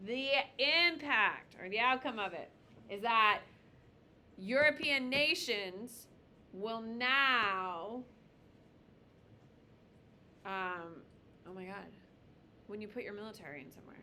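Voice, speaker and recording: A woman teaching a high school history class, lecturing bluntly and with jokes while calling on students by name. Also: slow pace, pauses often, bright, forceful tone.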